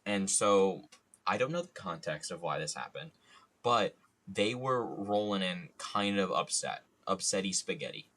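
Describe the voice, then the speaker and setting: Casting: low-voiced male streamer, rambling and jokey, casual storytelling. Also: big pitch swings, unhurried, a bit bright. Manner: rambling, jokey, playful idioms. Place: home studio.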